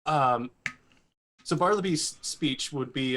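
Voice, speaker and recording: A man playing a character in a tabletop game, halting and stammering as he speaks. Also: medium pitch, sharp tone, a little hiss or hum. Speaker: player. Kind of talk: casual tabletop play.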